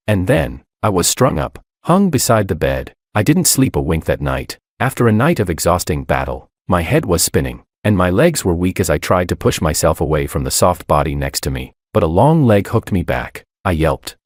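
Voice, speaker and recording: A man with a very deep voice narrates a first-person story. His pitch moves a lot, giving the reading an animated feel. The sound is dry and close-miked. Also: normal speed, hardly any pauses, no room sound.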